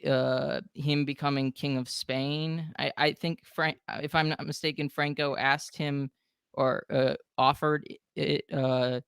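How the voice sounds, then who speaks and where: Host, male, smooth resonant voice, halting questions. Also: on the high side, flat delivery, fairly bright tone. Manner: halting, self-correcting. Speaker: podcast host. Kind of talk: casual interview questions.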